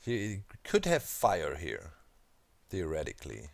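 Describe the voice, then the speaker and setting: A man's voice: a bass voice, huge pitch swings, slow pace, creaky. A man casually commenting while he builds in a video game, thinking aloud with many fillers and asides. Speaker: Minecraft let's player.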